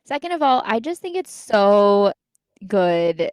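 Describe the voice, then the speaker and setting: A woman's voice: mid-range voice, sing-song, takes it slowly, a little mellow, no room sound. Chatty young woman, dry close sound. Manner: chatty and enthusiastic, playful jabs. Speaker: podcast co-host. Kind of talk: casual chat.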